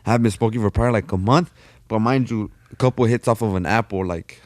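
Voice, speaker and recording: A man's voice: fairly low pitch, fast, no echo, studio quality. A man telling a story on a podcast in a slangy, profane way. He keeps calling his listener "fool.". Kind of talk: casual chat, storytelling.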